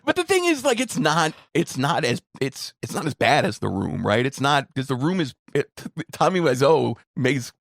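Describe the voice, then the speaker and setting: A man's voice: medium pitch, sing-song, normal speed, gravelly, few pauses, no room sound, studio quality. A middle-aged man co-hosting a casual movie-review podcast, rambling with restarts and frequent laughs. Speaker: podcast co-host.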